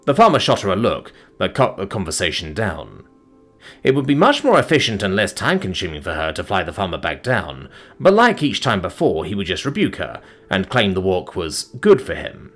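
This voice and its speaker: Low-voiced male story narrator. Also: wildly swooping pitch, moderate pace, a bit bright, faint music behind.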